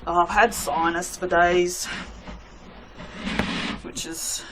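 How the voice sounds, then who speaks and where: A woman's voice: fairly low pitch, drawn-out words, background noise. A woman chatting casually to her viewers while making soap, self-mocking and talking to herself as she works. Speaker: soap maker.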